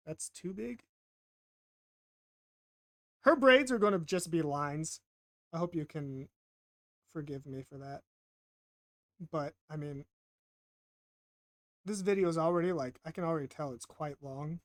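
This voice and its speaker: A man's voice: on the high side, expressive, unhurried, pauses often, dry recording. A man casually narrating while he draws, rambling and self-deprecating, often stammering and repeating himself. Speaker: art vlogger.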